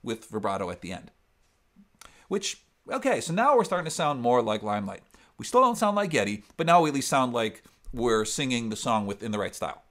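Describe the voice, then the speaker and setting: A man's voice: mid-range voice, sing-song, fast talker, a bit bright. A man with an upper Midwest American accent and a resonant voice, explaining singing technique step by step in a vocal lesson. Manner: explains step by step, breaks into sung demonstrations. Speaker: singer and vocal coach.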